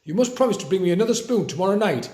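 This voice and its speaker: Man voicing a bossy old airman, high and lively, storybook reading, roomy echo. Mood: commanding. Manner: brisk and commanding. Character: blustery old male wartime pilot.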